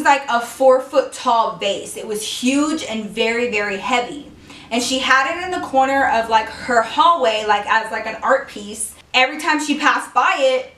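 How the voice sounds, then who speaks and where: A young woman with a high voice tells a childhood story in a casual storytime vlog. She swears freely and talks animatedly. She sits a bit back from the mic in an echoey room. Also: a bit bright, distant mic. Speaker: YouTube storyteller.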